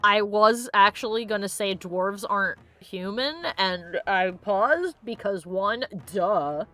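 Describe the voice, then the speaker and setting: A woman's voice: mid-range voice, animated, slow, a bit bright, soft background music. A woman hosting a let's play, chatting casually and playfully about the game, often giggling and reading chat aloud. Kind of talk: casual gameplay commentary.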